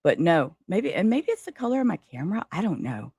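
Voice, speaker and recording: Woman streamer, scattered chatty delivery, very up-and-down pitch, dry close sound. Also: very animated, fast talker, vocal fry, a little mellow, breathy edge, no room sound. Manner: rambling, scattered, swears casually. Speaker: livestream host. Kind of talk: casual livestream chat.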